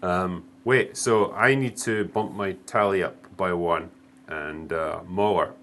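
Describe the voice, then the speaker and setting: A man's voice: low voice, slow, a bit bright, a little hiss or hum. A Scottish man chatting casually and swearing freely while he plays a game and drinks with a friend. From Scotland. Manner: sweary, joking, banter-heavy. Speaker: co-host and game player.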